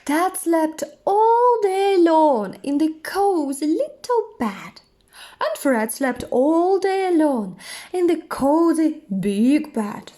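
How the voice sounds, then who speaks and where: Woman reading a kids' book aloud; high, very slow, lively sing-song. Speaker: storyteller. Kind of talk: children's story read-aloud.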